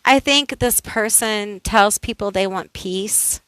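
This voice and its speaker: Woman tarot reader, casual and unhurried, talks it through with lots of "like"s, dry recording. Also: mid-range voice, fairly bright tone, clear, resonant tone, no room sound, low-quality recording. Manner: slow, thinking aloud, chatty with many "like"s. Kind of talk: casual pick-a-card tarot reading.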